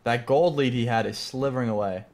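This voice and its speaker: A man's voice: mid-range voice, a little fast, darkish tone. Matter-of-fact male co-caster. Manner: analytical, matter-of-fact breakdowns. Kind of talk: casual game commentary. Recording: background noise.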